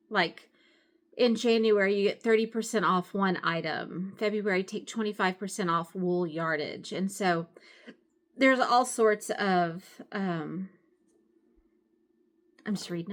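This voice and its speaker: A woman's voice: medium pitch, a bit bright. A middle-aged woman chatting casually at home as she shows off her craft supplies, rambling a little and correcting herself as she goes. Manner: chatty and rambling, with frequent fillers and self-corrections. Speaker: craft vlogger. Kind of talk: casual show-and-tell chat.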